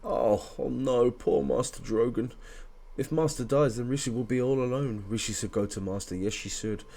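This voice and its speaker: A man's voice: medium pitch, normal speed, gravelly, warm tone. A man voicing a small, childlike female guardian creature who talks about herself by name in broken grammar. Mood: worried.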